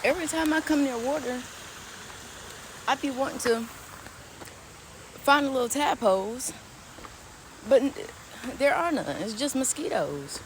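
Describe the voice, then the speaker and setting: A woman's voice: high voice, animated, measured pace, pauses often, rough recording. A woman vlogging casually while hiking an outdoor trail, talking into a phone held at arm's length in a rambling, chatty way full of fillers and laughs. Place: outdoor nature trail near a pond. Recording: outdoor ambience with clear background noise.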